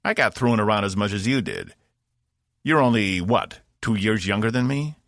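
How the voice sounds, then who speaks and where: A man's voice: lowish voice, big pitch swings, moderate pace, a bit bright, no room sound, studio quality, pitched above the performer's own voice. A man voicing an injured male commander who grumbles wryly and reassures his crew, in an audiobook. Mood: complaining. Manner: wry, grumbling, encouraging. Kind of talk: audiobook character voice.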